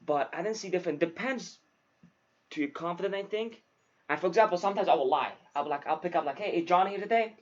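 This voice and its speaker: Fast-talking young man, dull lo-fi sound. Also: a little high. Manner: swears freely, says dude often, animated storytelling. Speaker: podcast host, new salesman. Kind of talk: casual chat.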